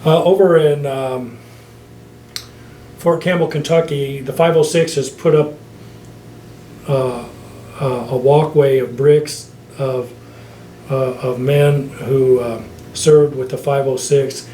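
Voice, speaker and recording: A man's voice: medium pitch, fairly even intonation, takes it slowly, pauses often, mellow, a little hiss or hum. An older man, a veteran interviewee, rambling through stories in an oral history interview and laughing often. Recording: echoey room with faint ambience.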